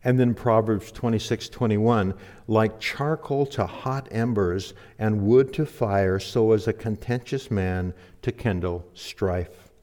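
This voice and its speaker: A middle-aged man preaching a sermon in an earnest, measured way, reading scripture aloud and leading a prayer. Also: lowish voice, darkish tone. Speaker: pastor.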